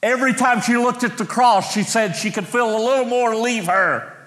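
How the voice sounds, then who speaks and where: A middle-aged man preaching a sermon, telling stories and slowing down to stress key words. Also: very high-pitched, fairly bright tone. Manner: storytelling, slows for emphasis. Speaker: pastor. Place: church sanctuary. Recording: echoey church hall.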